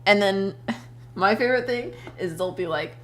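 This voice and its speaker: A young adult woman streamer chatting casually while she draws, telling animated stories, laughing often and swearing freely. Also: medium pitch, moderate pace, a little hiss or hum. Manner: animated storytelling with voiced quotes.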